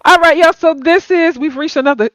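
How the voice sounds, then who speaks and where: A woman's voice: extremely high pitch, brisk, no room sound. Blunt sleepy woman host. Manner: blunt and emphatic, swearing. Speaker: stream host. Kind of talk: casual live-stream chat.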